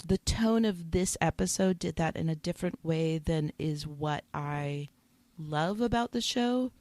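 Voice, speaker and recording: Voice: mid-range voice, a little slow, darkish tone, no echo. A podcast co-host in casual chat, retelling TV scenes with a lot of emotion. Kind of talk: casual chat about a TV episode.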